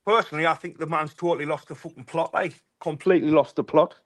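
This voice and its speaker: A man's voice: fairly high pitch, steady tone, fast talker. A man with a northern English accent calling in to a live stream, ranting bluntly with heavy swearing and repeating himself. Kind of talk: casual ranting call-in.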